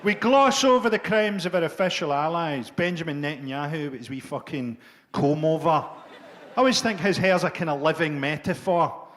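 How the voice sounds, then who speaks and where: A middle-aged man doing a dark, sardonic stand-up set, swearing freely. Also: a little high, normal speed, a little hiss or hum. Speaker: stand-up comedian.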